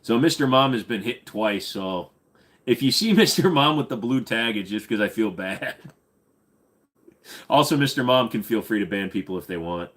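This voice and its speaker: A man's voice: lowish voice, lively intonation, moderate pace, fairly bright tone. A man hosting a casual live question-and-answer stream, rambling and swearing freely with lots of fillers. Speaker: livestream host.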